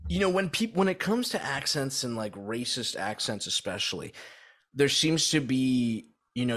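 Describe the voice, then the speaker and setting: A man's voice: medium pitch, expressive, normal speed, fairly bright tone. Young guy cohosting a podcast, mid voice, chill slangy rambling chat. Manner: laid-back, slangy, rambling. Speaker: podcast co-host.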